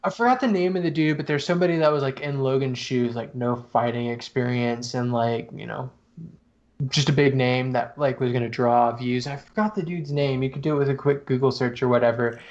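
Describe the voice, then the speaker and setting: A man's voice: mid-range voice, fairly even intonation, fairly quick, darkish tone, muffled recording. A man co-hosting a casual podcast, swearing often as he retells events with animation. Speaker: podcast co-host. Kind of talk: casual chat.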